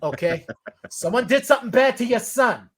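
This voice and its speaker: Fields: Man putting on a brash Boston tough guy, high-pitched. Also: lively intonation, moderate pace, a bit bright, slightly rough, heavily acted. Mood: taunting. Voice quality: thick put-on accent, mocking and crude. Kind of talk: film quote impression on a podcast.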